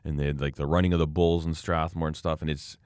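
A man's voice: rumbling low, fast talker, clear, resonant tone, dry recording, clean studio sound. A middle-aged man from Alberta co-hosting a casual chat, rambling through stories and sometimes jumping into people's voices. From Alberta, Canada. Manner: rambling storyteller, animated when quoting people.

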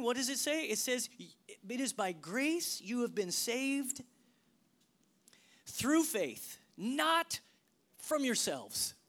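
Dynamic preacher, loud then whispering. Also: male voice, high-pitched. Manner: dynamic preaching, swinging between loud emphasis and hushed whispers. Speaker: pastor. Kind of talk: sermon.

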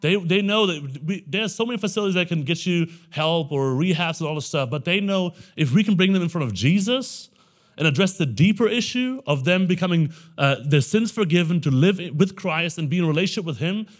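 Speaking in a slightly high voice, this young man preaches casually, chatting with his congregation as if they were friends and often tossing in "right?" He livens things up by acting out the people in the story in quick, animated asides.

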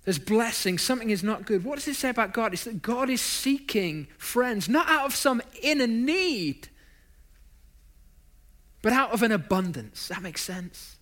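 A man's voice: very high-pitched, very animated, unhurried, fairly bright tone. A man preaching a sermon, stacking up emphatic lists of phrases and dropping in self-deprecating asides.

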